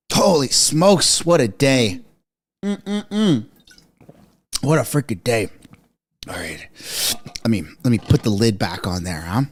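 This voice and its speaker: A man reacting live to breaking news from his basement, excitable and out of breath, yelling one moment and muttering the next. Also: mid-range voice. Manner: excitable, shouting, swinging from frantic to muttering. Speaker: political commentary streamer. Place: home basement.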